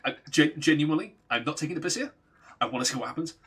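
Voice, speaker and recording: Man voicing a bored cheerful immortal, casual offhand chat, husky tone. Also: fairly high pitch, expressive, fast, a bit bright. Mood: eager.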